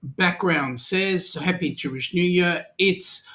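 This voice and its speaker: A middle-aged Australian man hosts a relaxed live-stream chat about cruising, his voice sitting a little higher than most men's. He greets viewers by name and teases them good-naturedly. His talk is loose, with frequent ums and uhs. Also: slow pace. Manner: chatty, teasing, many ums and uhs. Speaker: co-host of a weekly cruising chat. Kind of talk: casual live-stream chat reading comments.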